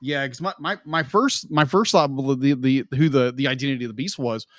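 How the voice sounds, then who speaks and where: A man's voice: medium pitch, fairly quick, a bit bright, no echo. A young man co-hosting a podcast, gushing emotionally about a film in casual chat and repeating himself often. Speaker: podcast co-host.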